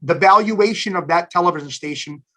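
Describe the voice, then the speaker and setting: A man in his fifties, a station manager and alumni guest, telling career stories in a chatty, animated interview. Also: high-pitched, fairly quick. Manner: animated, chatty storyteller who addresses listeners as guys. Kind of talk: casual storytelling interview.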